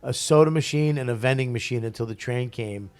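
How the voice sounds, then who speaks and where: A comedian in his forties telling a story in casual conversation, profane and animated, laughing as he goes. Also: medium pitch, a little fast, clear, resonant tone. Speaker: guest comedian.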